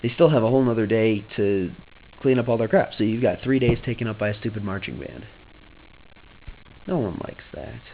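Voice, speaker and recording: A man's voice: fairly low pitch, lively intonation, brisk. Young man, casual vlog, offhand jokes, trails off, tinny lo-fi audio, faint hiss. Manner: offhand, joking, trails off and restarts. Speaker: vlogger.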